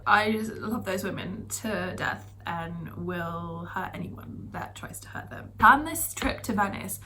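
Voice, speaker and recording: A woman's voice: mid-range voice, a little hiss or hum. A young woman from the UK telling stories from her year abroad in a chatty vlog style, full of fillers. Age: young adult. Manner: chatty, animated, lots of fillers. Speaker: vlogger. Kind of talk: casual storytelling.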